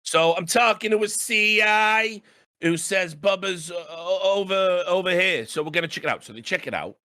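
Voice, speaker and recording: A man's voice: high voice, moderate pace, bright, forceful tone, no echo, studio quality. A man co-hosting a podcast, animatedly retelling a TV episode with frequent laughs. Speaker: podcast co-host. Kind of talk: casual podcast storytelling.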